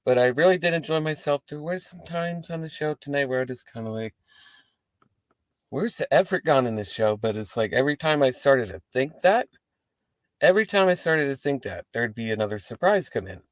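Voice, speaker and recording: A man hosts a wrestling post-show from inside his parked car, chatting to the camera in a rambling, profane way with animated asides. His voice sits at an ordinary middle pitch. The sound is close and dry, with no room echo. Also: brisk. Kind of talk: casual talk to camera.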